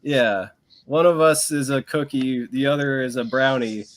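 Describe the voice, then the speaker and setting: A man's voice: medium pitch, moderate pace. Easygoing guy guest on a game show chat, friendly. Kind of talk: casual chat.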